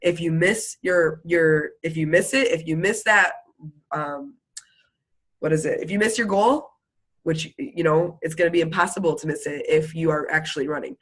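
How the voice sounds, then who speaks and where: A woman's voice: low-pitched, slightly rough, rough recording. Fired-up woman coaching her team. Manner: fired-up, chatty, fast bursts, frequent "like" and "literally". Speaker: network marketing team leader. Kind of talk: motivational live video talk.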